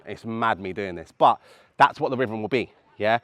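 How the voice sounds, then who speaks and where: A man's voice: mid-range voice, expressive, normal speed, a bit bright, no echo. Encouraging man teaching skating moves. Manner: encouraging, checks in with 'yeah?' and 'okay?'; vocalizes rhythms with 'da-dum' sounds while demonstrating. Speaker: roller skating instructor and channel host. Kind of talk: casual tutorial talk to camera.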